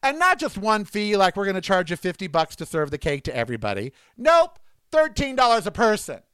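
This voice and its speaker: High-voiced man in an indignant rant. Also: big pitch swings, quick pace, bright, forceful tone, clean tone, no echo. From United States. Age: 50s. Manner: indignant, sarcastic, repetitive. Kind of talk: ranting monologue.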